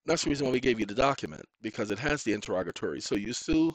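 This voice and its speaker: A man's voice: medium pitch, lively intonation, racing, no room sound, rough recording. A man giving a direct-to-camera lecture on legal self-help, blunt and emphatic, speaking informally and repeating phrases for stress. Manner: informal street-style speech.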